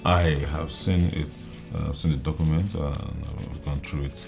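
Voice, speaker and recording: A man's voice: very deep voice, fairly even intonation, creaky. A man playing a polite, cautious man who defers to a princess. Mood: deferential. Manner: deferential, measured. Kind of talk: film drama acting. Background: film score music.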